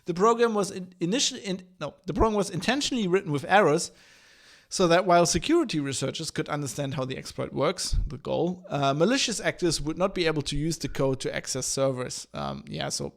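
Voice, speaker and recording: A man's voice: fairly high pitch, a little fast, creaky. A man hosting a podcast, ranting casually and sarcastically about tech security, often slipping into mocking voices. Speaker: podcast host.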